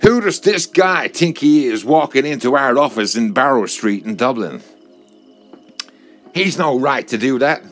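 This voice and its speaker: A man's voice: mid-range voice, animated, a little slow, a bit bright, soft background music, pitched above the performer's own voice. An Irish man voicing a pompous cigar-smoking male boss in a put-on Texas accent, bossy and blustering. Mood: indignant.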